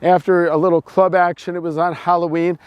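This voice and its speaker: High-voiced preachy American man. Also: flat delivery, brisk, clear, resonant tone, no room sound, highs cut off. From United States. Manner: repetitive, preachy, stumbling restarts. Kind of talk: opinion monologue.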